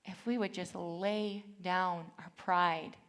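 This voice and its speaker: A woman in her thirties preaching a sermon, reading scripture aloud with earnest feeling and telling lively stories from her family. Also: lowish voice, slow. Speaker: church speaker.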